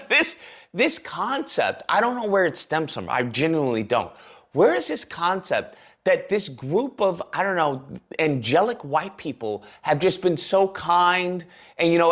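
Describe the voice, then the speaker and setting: Lively, heated male political commentator. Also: fairly high pitch, normal speed. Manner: heated, sarcastic, speaks in long rants. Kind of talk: livestream commentary.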